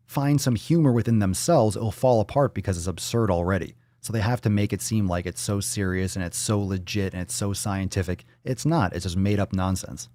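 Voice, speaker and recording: A man hosting a fitness live stream, talking bluntly and profanely in quick ranting bursts and reading viewer comments aloud. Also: medium pitch, dark tone, no echo, clean studio sound. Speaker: fitness livestream host. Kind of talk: casual live-stream talk.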